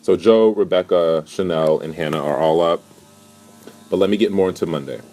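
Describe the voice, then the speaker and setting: A man's voice: low-pitched, normal speed, dark tone. A young man giving a casual, gossipy recap of a reality show with a sarcastic, rambling manner. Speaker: vlogger.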